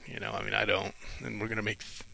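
In a reflective monologue, a middle-aged man who is a retired Navy officer speaks alone in brief, halting, thoughtful phrases. He has a fairly low, monotone voice with vocal fry, delivered pushed and bright, and the audio is poor.

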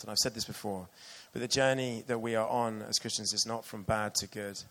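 A man's voice: on the low side, steady tone, a little fast, a bit bright. A man preaching a sermon earnestly and with emotion, reading passages aloud to his church.

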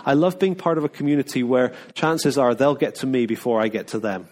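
A man's voice: mid-range voice, brisk, a little mellow. A middle-aged man preaching a sermon in a conversational way, often restarting and acting out little asides. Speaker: pastor.

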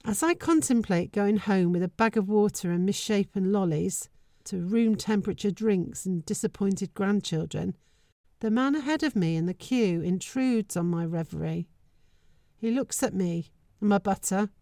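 A woman's voice: medium pitch, lively intonation, normal speed, dark tone, no echo. An older woman narrates a scripted podcast story, her humour wry and self-mocking. Her voice sits in a middle register. The recording is close and dry. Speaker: podcast host.

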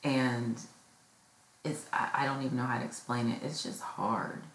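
A woman's voice: rumbling low, fairly even intonation, normal speed. A middle-aged mother from the United States, hosting a podcast and musing at length about her children growing up, with many fillers along the way. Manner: heartfelt, rambling with many fillers. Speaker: podcast host. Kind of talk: personal reflective monologue. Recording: echoey room with faint noise.

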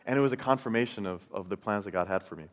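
A man's voice: lowish voice, very fast. A middle-aged man telling his personal faith testimony and teaching, earnest and storytelling, often repeating words as he goes. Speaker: Christian speaker. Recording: long hall reverb.

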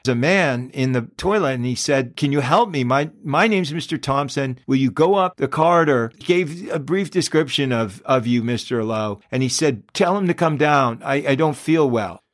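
A man's voice: mid-range voice, expressive, moderate pace, hardly any pauses, natural voice. A man voicing a nervous, stooped old man relaying an urgent message in a slightly raised, hesitant tone. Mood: anxious.

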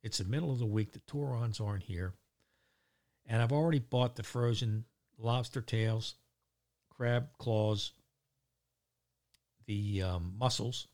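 A middle-aged vlogger with a lowish, slightly mellow voice tells a casual, rambling story about his day. He speaks slowly with long pauses, filling the gaps with fillers and casual swearing.

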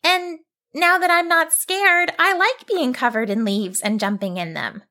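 A woman's voice: very high voice, a little slow, sharp tone, pitched above the performer's own voice, full character voice. A woman voicing a bold, cheerful young girl with an eager, chatty manner.

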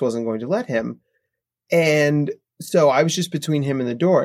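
Male psychologist guest, mid-pitch voice, explanatory podcast delivery, often checks in with "right?", dry close mic. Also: a little mellow, no room sound. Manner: explanatory, tags points with "right?". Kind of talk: podcast interview answers. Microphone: podcast microphone.

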